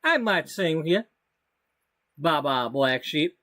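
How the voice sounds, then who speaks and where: A man's voice: fairly high pitch, expressive, slow, long pauses, fairly bright tone, dry recording. A man giving casual, rambling commentary as he plays a life-sim game. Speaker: let's play host.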